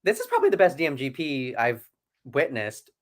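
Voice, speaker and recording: A man's voice: mid-range voice, wildly swooping pitch, brisk. A man from California co-hosting a casual livestream, enthusiastic, repeating himself and stammering into sentences. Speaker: co-host of a livestream. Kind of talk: casual chat.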